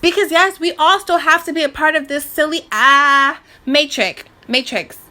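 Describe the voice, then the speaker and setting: A woman in her twenties talks straight to her viewers about spiritual awakening, animated, slangy and preachy, often restarting her sentences. Her voice is bright and sits a little high. A faint hiss runs under the recording. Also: moderate pace. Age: 20s. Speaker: spiritual vlogger. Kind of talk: casual spiritual rant to viewers.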